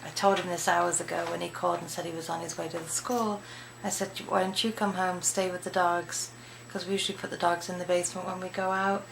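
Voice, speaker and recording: A woman's voice: fairly low pitch, flat delivery, a little fast, gravelly, slight background noise, low-quality recording. A tired British woman chatting casually in a home video diary, rambling and talking to her dogs. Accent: British English. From Britain. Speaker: vlogger. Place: home indoors.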